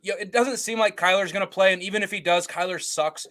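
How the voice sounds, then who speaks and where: A man with a high, sharp voice talks fast as co-host of a casual sports betting podcast. He gives his picks with blunt confidence.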